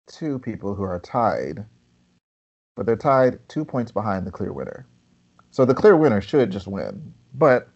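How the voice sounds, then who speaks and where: Male podcast game host, unhurried and wry. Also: on the low side, dull audio. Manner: wry, laughs often, announces scores. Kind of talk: podcast game show hosting.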